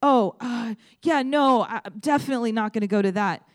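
A woman's voice: on the high side, a little fast, no room sound, studio quality, close to an everyday voice. A woman preacher acting out a distracted young woman who casually brushes Jesus off in a sermon story. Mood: dismissive. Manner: casual, dismissive, flustered.

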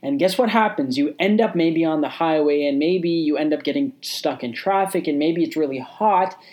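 A man's voice: a little high, moderate pace, darkish tone. A man hosting a motivational podcast, talking casually with many fillers, restarts and repeated phrases. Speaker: podcast host.

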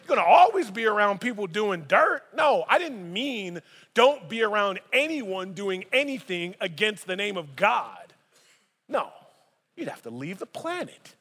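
High-voiced male preacher in a reverberant hall. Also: moderate pace. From United States. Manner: animated, conversational preaching with asides. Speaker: pastor. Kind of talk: sermon.

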